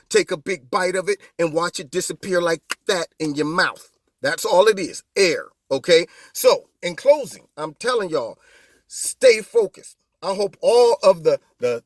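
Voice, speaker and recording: A man with a high, bouncing voice delivers his opinions in an animated, mocking manner. He fires off rhetorical questions and swings his pitch widely. The sound is close and dry. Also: no echo. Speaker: host of a political commentary show. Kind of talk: opinionated political commentary.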